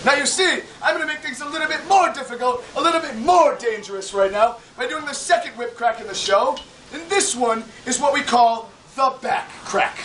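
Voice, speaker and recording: A man's voice: very high-pitched, lively intonation, fairly quick, bright, forceful tone. A man performing a whip-cracking act live, rambling and teasing the crowd with jokes. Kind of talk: live comedic stage patter. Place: large hall with a live audience. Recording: echoey, distant, crowd noise.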